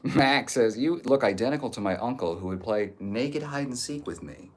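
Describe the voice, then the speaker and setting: A man's voice: medium pitch, lively intonation, normal speed. A man streaming live, reading viewer comments aloud and answering with crude, jokey banter. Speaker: livestreamer reading chat. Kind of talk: casual livestream chat.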